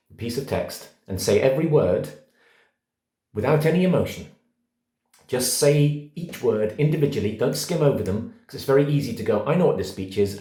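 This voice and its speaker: A man's voice: mid-range voice, warm tone. A middle-aged man teaching an acting masterclass, stressing single words and tapping out verse rhythms. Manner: emphatic, words spelled out one by one, rhythmic. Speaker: acting coach. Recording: echoey room.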